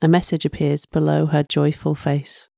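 A woman reads a first-person story aloud in a soft, reflective way, often sighing between lines. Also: low voice, completely flat delivery, moderate pace, vocal fry, no echo, studio quality. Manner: soft, reflective, with frequent sighs. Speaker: narrator.

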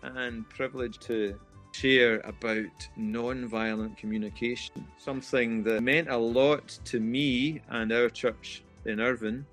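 A man's voice: mid-range voice, fairly even intonation, a little slow, a bit bright, faint music behind. Man hosting a church podcast. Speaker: podcast host, church minister. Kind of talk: interview.

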